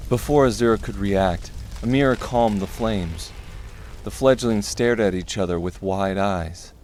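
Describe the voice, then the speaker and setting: A man narrating a dark fantasy audiobook in a steady, measured way. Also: fairly low pitch, a little hiss or hum.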